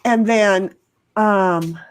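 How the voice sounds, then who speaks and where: A woman's voice: medium pitch, very slow, clear, resonant tone. A woman hosting a casual livestream, chatting with her viewers in a rambling, profane way full of restarts. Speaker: livestream host reading chat.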